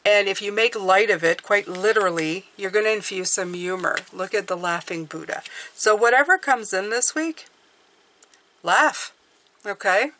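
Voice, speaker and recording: Woman, tarot reader, casual and encouraging, thinks out loud, faint noise. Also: medium pitch, normal speed. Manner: chatty, encouraging, thinks aloud while drawing cards. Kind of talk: casual tarot reading to camera.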